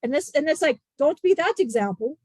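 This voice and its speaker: Channeled ancient male spirit guide, voiced by a woman; rambling, joking; high, dry. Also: expressive, brisk, a little mellow, no echo. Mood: warm jokey. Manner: rambling, joking sermon-like advice.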